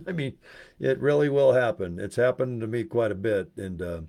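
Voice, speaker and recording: A man's voice: fairly low pitch, animated, moderate pace, creaky, warm tone. A man hosting a casual livestream about network marketing, rambling and slangy with crude jokes.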